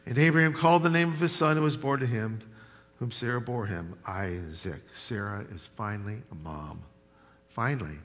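A man preaching a sermon as pastor, telling folksy stories and building to loud, emphatic points. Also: mid-range voice. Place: church sanctuary. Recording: long hall reverb.

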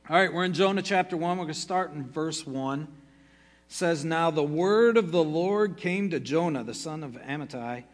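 A man, a pastor, reads a Bible passage aloud to his congregation at a steady pace, with brief casual asides and quick self-corrections. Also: fairly high pitch, big-room sound. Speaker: pastor teaching a Bible study. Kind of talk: reading scripture aloud to a congregation.

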